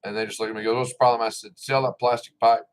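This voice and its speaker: A man's voice: on the low side, level tone, racing, smooth, rough recording. A middle-aged man giving a casual opinion monologue, blunt and indignant, with sarcasm and swearing. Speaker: political commentator.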